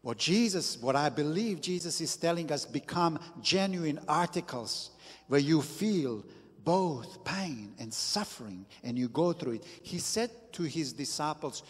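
Pastor, male: husky voice, slightly high, unhurried sermon delivery with sudden emphasis, reverberant hall. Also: lively intonation. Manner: slow and deliberate, with emphatic bursts.

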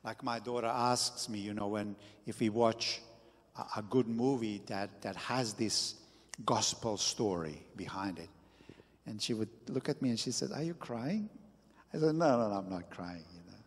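A man preaching a sermon as pastor, slow and deliberate with emphatic bursts. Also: lowish voice, long reverb tail.

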